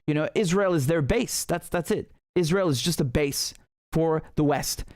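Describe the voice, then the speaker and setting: A man's voice: fairly high pitch, normal speed, darkish tone, dry recording, clean studio sound. A male host giving heated, emphatic political commentary on a livestream, often restarting his sentences.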